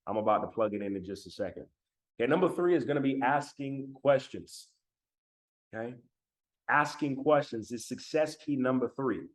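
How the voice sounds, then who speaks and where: A man giving a motivational talk on a live stream, emphatic, repeating key lines and calling on viewers in the chat, on a laptop microphone. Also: mid-range voice. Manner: emphatic, repeats phrases, addresses chat directly. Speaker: motivational speaker. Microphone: laptop mic.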